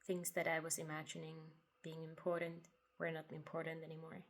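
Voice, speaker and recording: A woman giving a reflective spoken monologue about spiritual ideas. She talks softly and without hurry, pausing often, sometimes dropping to a breathy half-whisper. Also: low voice, monotone. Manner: soft and unhurried, with long pauses, occasional breathy half-whispers and quiet laughs. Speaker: writer sharing spiritual reflections.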